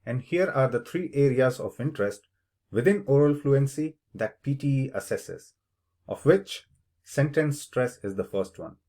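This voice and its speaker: Slow, deliberate male test tutor. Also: mid-range voice, expressive, mellow. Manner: slow, deliberate, demonstrates word stress aloud. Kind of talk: instructional explanation.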